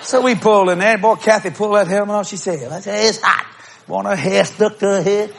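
A middle-aged man preaching a humorous storytelling sermon, acting out quotes and bursting into shouts and laughter. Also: high-pitched, fairly quick, gravelly, slight background noise.

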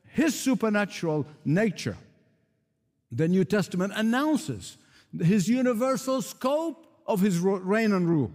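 A man's voice: sits high, darkish tone. A man preaching a sermon with emphatic, repeated rhetorical refrains. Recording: long reverb of a large hall.

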